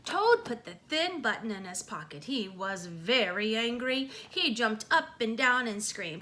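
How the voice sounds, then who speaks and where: A woman's voice: fairly high pitch, very animated, unhurried, few pauses, pushed and bright. A woman reading a children's storybook aloud, with chatty asides to young listeners.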